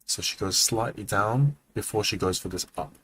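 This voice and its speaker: A man giving casual feedback on student animation during a livestream, relaxed and chatty, thinking aloud with frequent ums and acting out poses as he explains. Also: lowish voice, moderate pace, husky. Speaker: animation mentor reviewing student work.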